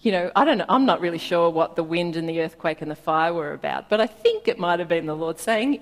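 A woman preaches in a soft, reflective way, reading scripture aloud and pausing for small laughs. Her voice sits slightly low. It rings out with a long reverb, as in a large hall. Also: lively intonation. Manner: gentle, reflective, laughs softly at times. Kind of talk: sermon with Bible reading.

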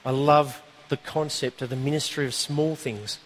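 A man preaching a sermon, telling a story in a conversational, animated way with asides. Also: mid-range voice, moderate pace, a little hiss or hum.

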